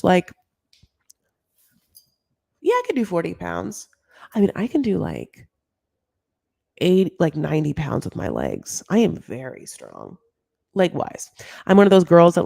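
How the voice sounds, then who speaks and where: Gossipy woman with heavy vocal fry. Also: on the low side, a little mellow, dry recording. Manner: gossipy, heavy filler words, calls viewers honey. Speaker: TV show recap host. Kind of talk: casual chatty recap.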